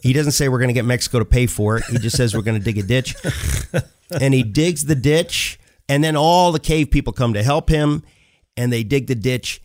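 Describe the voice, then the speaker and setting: A middle-aged man, a guest author, telling a funny story in a casual chat, jokey and energetic, acting out the characters as he goes. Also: medium pitch, brisk, no echo, clean studio sound.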